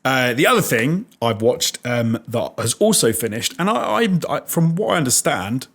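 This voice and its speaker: A man's voice: medium pitch, sing-song, normal speed, a bit bright. A British man hosting a podcast, chatting frankly and laughing often. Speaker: podcast host. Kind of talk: casual chat.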